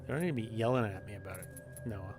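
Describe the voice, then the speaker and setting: A man's voice: on the low side, very fast. A man streaming a shooter game, chatting casually and rambling with lots of fillers as he plays. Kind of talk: casual gameplay commentary. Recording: game music behind the voice.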